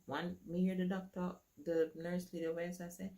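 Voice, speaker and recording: A woman telling her own story to camera in a casual, animated way, acting out what others said to her. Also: fairly low pitch, quick pace, few pauses.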